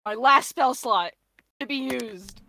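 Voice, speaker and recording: A woman at a tabletop game session describes her character's moves. She rambles and stacks up fillers. Her voice is fairly high and sounds dry and close. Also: takes it slowly, gravelly, pushed and bright, no room sound. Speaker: player. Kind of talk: casual tabletop game play.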